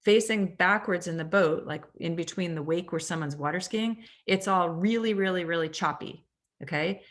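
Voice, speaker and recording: A woman's voice: fairly low pitch, normal speed. A woman with a Canadian accent, a real estate agent giving a casual training talk over a video call, chatty and asking the audience questions. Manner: conversational, asks the audience questions, frequent ums.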